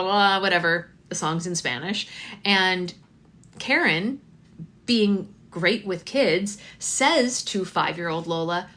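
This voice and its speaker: A woman's voice: lowish voice, animated, a little slow, a bit bright. A woman in her thirties hosting a slime live stream, chatting casually and telling stories with lots of ums. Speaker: slime shop host.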